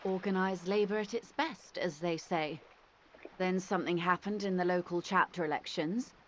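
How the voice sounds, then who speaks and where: An actress playing a calm, curious, talkative company negotiator in a video game, speaking politely and evenly. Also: female voice, on the low side, normal speed, lo-fi sound, close to an everyday voice.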